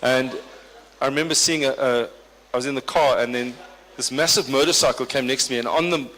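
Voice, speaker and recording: A man's voice: medium pitch, brisk, fairly bright tone. A man doing stand-up as the MC of a corporate party, teasing the audience in a dry, bantering way. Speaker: comedian and event MC. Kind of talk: live stand-up crowd work. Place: large hall at a corporate function. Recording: long hall reverb.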